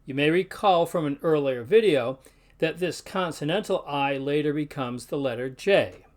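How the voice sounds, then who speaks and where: A man teaching pronunciation in an instructional video, speaking carefully and slowly sounding out example words. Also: fairly high pitch. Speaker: Latin teacher.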